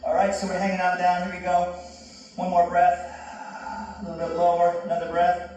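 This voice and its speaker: A man's voice: high-pitched, monotone, fairly quick. A man leading a guided yoga session in a casual, encouraging and self-joking way. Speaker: yoga instructor. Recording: echoey room, distant mic, soft music.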